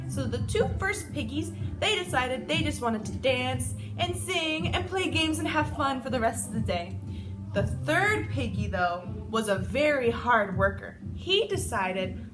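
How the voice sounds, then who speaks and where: A woman who works as a children's gym instructor, reading a storybook aloud for kids in an animated, sing-song manner. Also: high-pitched, a little slow, music in the background.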